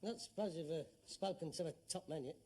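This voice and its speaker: A man's voice: a little high, quick pace, a little mellow, lightly acted. A middle-aged man with a London Cockney accent, acting a grown son in a sitcom, sarcastic and exasperated. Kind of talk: 1970s British sitcom acting.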